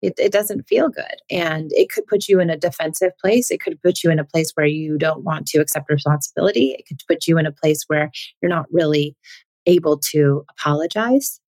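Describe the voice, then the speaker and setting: A woman's voice: low-pitched, fairly quick, darkish tone, no echo. A woman hosting a parenting podcast, talking it through earnestly and posing rhetorical questions to the listener. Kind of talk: reflective solo podcast talk.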